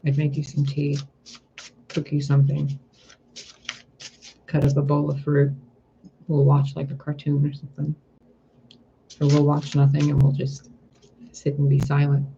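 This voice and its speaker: A man giving a spiritual tarot reading, talking in a gentle, reflective way and asking rhetorical questions. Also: on the high side, completely flat delivery, unhurried, creaky, pauses often, dull audio, slight background noise. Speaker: tarot reader.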